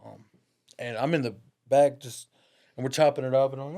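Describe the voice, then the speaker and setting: A man's voice: mid-range voice, brisk, dark tone. A man on a podcast as the guest, telling a story in a casual, profane, slang-heavy way and laughing through it. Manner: profane, slang-heavy, addresses listener as "dog"; laughs through his stories.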